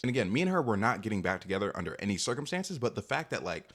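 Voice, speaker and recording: Fast-talking young man telling a story. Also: fairly low pitch, very animated, a bit bright. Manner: rambling, filler-heavy, self-assured. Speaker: vlogger. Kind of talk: storytime vlog.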